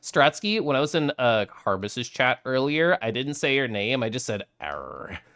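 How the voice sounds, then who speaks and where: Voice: mid-range voice, animated, normal speed, fairly bright tone, smooth. A streamer chatting casually on a live stream, reading out viewer messages, greeting viewers and laughing often.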